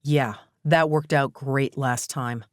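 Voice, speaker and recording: A woman audiobook narrator voicing a wry, level-headed young man, with her voice lowered and a dry, sarcastic delivery. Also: moderate pace, no room sound, close to an everyday voice.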